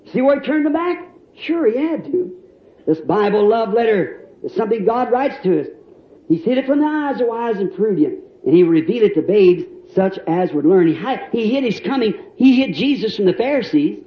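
A man preaching a sermon in a folksy storytelling way, laughing and rising to shouts. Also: high voice. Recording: dull, roomy old church recording.

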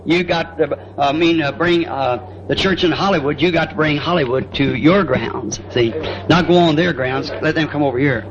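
A man's voice: on the high side, normal speed, crowd noise. A man preaching a sermon, telling family stories in a folksy way and often asking "See?". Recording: dull lo-fi old tape with faint hiss.

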